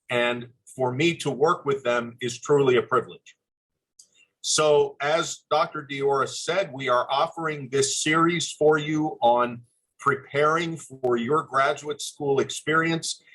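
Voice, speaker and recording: An older man giving a formal webinar presentation over a video call, speaking in an earnest, measured and courteous way. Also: medium pitch, a bit bright, poor audio. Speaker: webinar presenter, former admissions dean.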